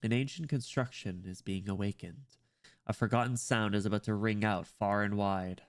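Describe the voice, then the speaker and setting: A man reading as a mysterious figure who describes an ancient power, in a low, hushed and ominous voice. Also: fairly even intonation, moderate pace, close to an everyday voice.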